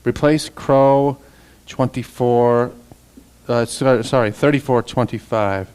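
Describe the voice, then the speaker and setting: A man's voice: medium pitch, slow, darkish tone, clean tone, poor audio. A man in a recording studio calling out cue numbers in a businesslike way before redoing his lines. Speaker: voice actor. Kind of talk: dialogue redo session.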